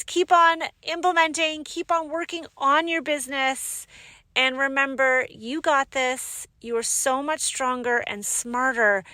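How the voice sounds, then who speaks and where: A woman hosts her podcast alone, excitable and gushing, close to tears as she thanks her listeners. Her voice sits a little high and sounds dry and close, with no room around it. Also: no room sound. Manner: bubbly and excitable, laughing and gushing. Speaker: podcast host. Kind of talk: solo podcast sign-off.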